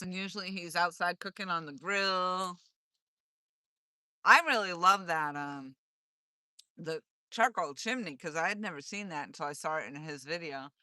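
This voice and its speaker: A woman with a bright, forceful voice and a slightly low pitch hosts a live stream from a dock. She chats easily and reads viewer comments aloud, and the sound is dry and close. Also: smooth, no room sound. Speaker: livestream host. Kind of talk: casual live chat. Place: outdoors on a lake dock.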